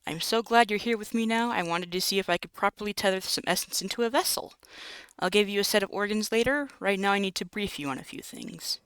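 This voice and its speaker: Narrator putting on a doting witch lady, excitable, fussy, bright clear voice, dry sound. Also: mid-range voice, fast, dry recording. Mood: eager. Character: eager tired old witch woman, short, kindly. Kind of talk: reading a text game aloud.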